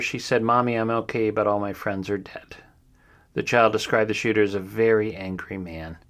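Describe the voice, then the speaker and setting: A man's voice: on the low side, fairly bright tone. A middle-aged man hosting a true crime recap, speaking somberly and steadily with fillers and personal asides. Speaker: podcast host.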